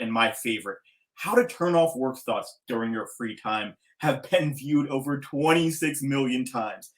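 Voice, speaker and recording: A man's voice: mid-range voice, fairly bright tone. A man hosting a podcast interview, talking in an effusive, enthusiastic way, with hype-style introductions. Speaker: podcast host.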